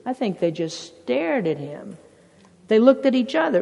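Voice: medium pitch, very animated, unhurried, creaky. Emphatic preacher in a reverberant hall. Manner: emphatic, swinging between loud bursts and hushed passages; quotes scripture and acts out voices. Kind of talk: sermon.

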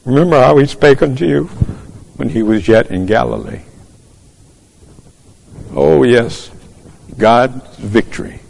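A man's voice: medium pitch, takes it slowly, creaky, long pauses, a little mellow. Fervent preacher man in a reverberant hall. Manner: fervent, repeats words, quotes scripture in old English. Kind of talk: sermon.

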